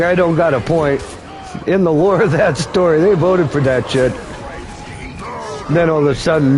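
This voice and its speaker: A man giving laid-back gaming commentary, cracking jokes as he rambles. His voice runs a bit high, and a faint hiss sits under it. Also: a little mellow, poor audio. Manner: joking, rambling, laughs a lot. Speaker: gaming channel host.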